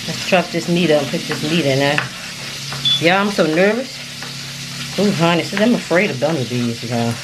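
Woman, deep voice, chatty home-cooking vlogger, noisy kitchen sizzle behind. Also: normal speed. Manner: excitable, calls viewers honey and y'all. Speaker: family vlogger. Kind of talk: casual cooking vlog.

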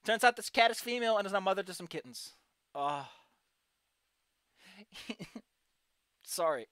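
A woman streamer giving a casual, frustrated, ranting critique of a game, with animated outbursts. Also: medium pitch, takes it slowly, pauses often, no echo, clean studio sound. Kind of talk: casual livestream commentary.

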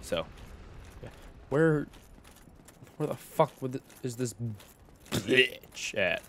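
A man's voice: medium pitch, lively intonation, slow, pauses often, fairly bright tone. A man giving casual let's-play commentary, rambling and swearing as he talks to himself. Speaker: gameplay streamer.

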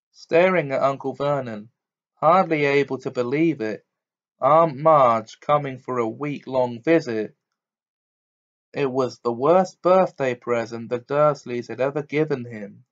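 A man reading a novel aloud as a steady audiobook narrator. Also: medium pitch, highs cut off. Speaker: audiobook reader.

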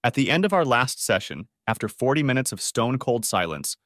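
A man reading a first-person story aloud in a dramatic, expressive way. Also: medium pitch, fairly quick, no room sound, studio quality. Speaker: story narrator.

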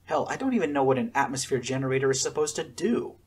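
A man's voice: mid-range voice, lively intonation, fast, darkish tone, breathy edge. A man voicing a blunt, sardonic fourteen-year-old girl in a storybook.

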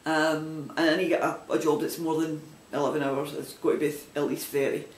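A man's voice: a little high, little pitch movement, a little fast, a little hiss or hum. A man with a broad Glaswegian accent who hosts a knitting podcast, rambling chattily and restarting his sentences in a casual vlog. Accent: Glaswegian Scottish. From Scotland. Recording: roomy echo.

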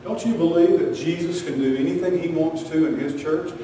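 Man preaching, emphatic, rhetorical questions, slightly high voice, distant mic, big echoing church hall. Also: fairly even intonation, fairly quick, slight background noise. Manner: emphatic, rhetorical questions, swings between loud and quiet. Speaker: pastor. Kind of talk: sermon. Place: church sanctuary. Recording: echoey hall recorded from far off.

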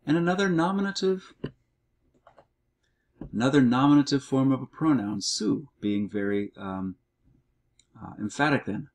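A middle-aged man explaining grammar in a recorded language lesson walkthrough, reading words out slowly and methodically. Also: mid-range voice. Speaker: Greek teacher.

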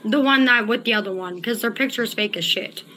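Woman streamer ranting at her chat, high bright voice, swings all over, swears a lot. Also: brisk, slight background noise. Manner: agitated, profane, repeats herself. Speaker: livestreamer. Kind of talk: casual livestream chat, reading chat.

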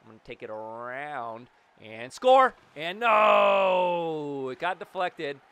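A man giving excited, playful play-by-play of his own gameplay as host of his gaming channel, with sudden shouts. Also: medium pitch, a little slow, smooth, no room sound.

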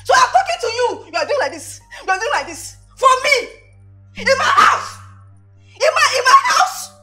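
An actress playing a loud, boastful young woman who mocks and shouts at her broke friend, with a Nigerian accent. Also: very high voice, sing-song, fast talker, soft background music, heavily acted. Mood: outraged. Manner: shouting, mocking, laughing scornfully. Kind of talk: Nollywood film acting.

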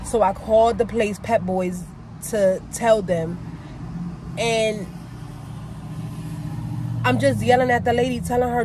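A woman's voice: mid-range voice, fairly even intonation, measured pace, pauses often, darkish tone. A woman vlogging from her car, venting angrily about a breakdown and later chatting with relief to her viewers. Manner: frustrated, venting, swearing. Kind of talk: casual vlog rant to camera. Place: in a car by the roadside, then driving. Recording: faint car and street noise.

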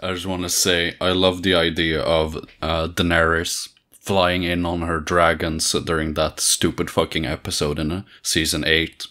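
A man in a casual podcast conversation, pausing and restarting often as he talks. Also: sits low, level tone, bright, forceful tone. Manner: hesitant, many fillers and restarts.

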